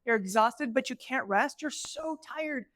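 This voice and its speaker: Animated woman presenting a live workshop. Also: high-pitched, a little slow. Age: middle-aged. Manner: animated, conversational, plays out inner voices. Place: event space with an audience.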